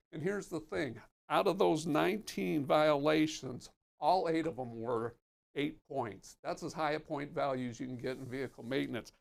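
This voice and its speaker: A man's voice: fairly high pitch, vocal fry. A man hosting a company live stream's safety segment, talking in a folksy, plain-spoken, upbeat way.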